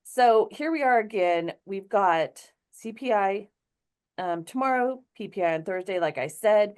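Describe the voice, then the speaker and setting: A middle-aged woman hosting a show, chatty and quick to laugh in casual talk. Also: mid-range voice, expressive, clean tone. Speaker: show host. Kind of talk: casual chat.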